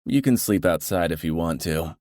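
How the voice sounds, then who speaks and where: A man's voice: low voice, expressive, normal speed, darkish tone, dry recording, clean studio sound. A man voicing a proud, serious young mafia heir who speaks earnestly and a bit indignantly. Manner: earnest, indignant, matter-of-fact.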